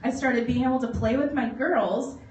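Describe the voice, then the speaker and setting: A woman in her thirties giving a personal testimonial to an audience, animated, laughing often and acting out voices. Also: fairly high pitch, normal speed. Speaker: motivational speaker. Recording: echoey hall recorded from far off.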